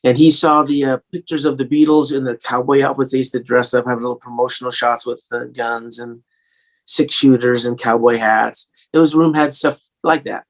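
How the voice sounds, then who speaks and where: A man with a slightly English-tinged American accent, a singer-songwriter telling stories in a casual interview, rambling with many fillers and restarts. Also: mid-range voice.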